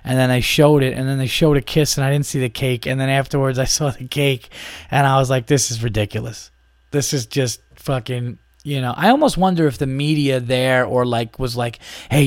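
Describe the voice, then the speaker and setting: A man's voice: medium pitch, brisk, no echo. Podcast guy ranting, swears a lot, trips over his words, dead dry sound. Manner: profane, exasperated ranting with many restarts. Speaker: podcast host. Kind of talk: casual podcast rant.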